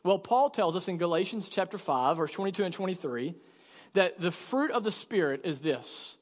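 High-voiced pastor in a reverberant hall. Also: male voice, moderate pace. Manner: animated storyteller, rising to loud exasperation. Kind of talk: sermon. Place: church sanctuary. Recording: long reverb of a church hall.

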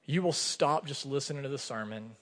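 A man's voice: medium pitch, fairly quick, fairly bright tone. A man preaching a sermon as pastor, earnest and conversational, telling personal stories. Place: church sanctuary. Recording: long reverb of a church hall.

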